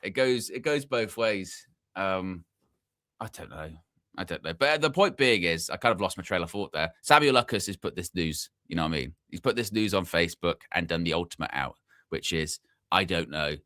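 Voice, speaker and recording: A man's voice: low-pitched, animated, moderate pace, sharp tone, no room sound, studio quality. A young man hosting a football channel's live stream, chatting casually, wandering off on tangents and repeating himself as he talks to the chat. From England.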